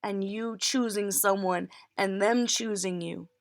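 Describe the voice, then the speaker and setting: A woman's voice: mid-range voice, fairly even intonation, a little slow, gravelly, no echo. A woman reads tarot for her viewers in a tearful, heartfelt voice, reassuring them through her emotion. Her voice sits in a mid range, and the recording is close and dry with no room sound. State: crying. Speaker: tarot reader.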